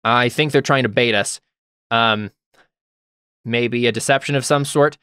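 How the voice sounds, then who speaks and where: A man voicing a calm, confident fleet commander in a tabletop game, speaking in a measured, reassuring way. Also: medium pitch, clean tone, dry recording, studio quality. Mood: alert.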